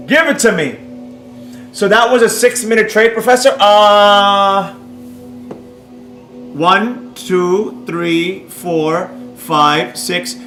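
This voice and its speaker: A man streaming live as a trading educator, reading viewer comments and talking straight to the audience in a brash, boastful way that jumps loud when he gets excited. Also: sits high. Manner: animated, bursts up loudly when excited. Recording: roomy sound with faint music behind.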